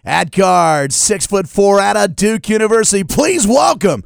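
A man's voice: animated, creaky, no room sound, clean studio sound, heavily acted. A man imitating an arena announcer, stretching out each word of a player introduction. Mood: hyped. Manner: drawn-out, booming introductions. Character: booming male arena announcer.

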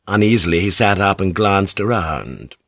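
Male audiobook narrator, lowish voice, dry close sound, measured scripted reading. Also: lively intonation, a bit bright, no room sound. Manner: voices characters with light shifts in pitch and broken English.

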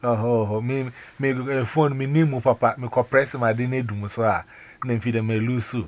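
A man with a Ghanaian accent in a casual phone chat, talking in an animated, rambling way with many restarts and exclamations. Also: mid-range voice, normal speed. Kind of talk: casual phone chat mixing Twi and English.

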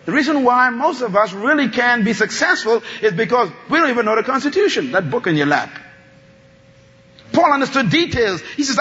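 A man preaches in a very high, bright voice, his pitch leaping all over as he moves between shouts and quiet asides. He laughs often as he drives his sermon home. The recording is dull and lo-fi. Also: animated, moderate pace. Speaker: pastor.

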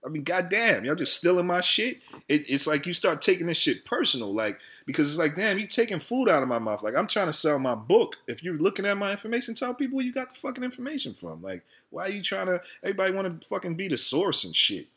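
A man's voice: sits high, very animated, quick pace, hardly any pauses, bright, forceful tone, husky. A man, ranting heatedly and profanely in a casual vlog about his channel. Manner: profane, heated, repetitive venting. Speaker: video creator.

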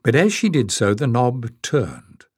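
A man narrating an audiobook in a measured, even way. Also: medium pitch, breathy edge, no echo, studio quality. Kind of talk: scripted narration.

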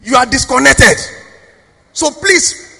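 A woman with a Nigerian accent preaches in a very high, bright voice, pressing the congregation with repeated questions. Her sermon rings out with the long reverb of a church hall. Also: lively intonation, slow pace, creaky, breathy edge. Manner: exhorting, call-and-response with the crowd. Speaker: preacher, pastor's wife.

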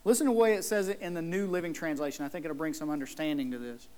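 A man's voice: on the high side, fairly even intonation, rapid-fire, darkish tone, smooth. A man preaching a sermon as a pastor in a church, emphatic, acting out the people in his story. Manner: emphatic, acts out the whining brother.

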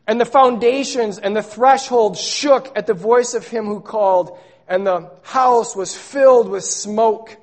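A man delivering a sermon with a lot of dynamic range, pushing key words out loud and then sinking into quiet, low-voiced lines. He repeats words for weight and reads scripture in the same emphatic preaching manner. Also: unhurried. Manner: emphatic, swinging between loud stresses and hushed low lines. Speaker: pastor.

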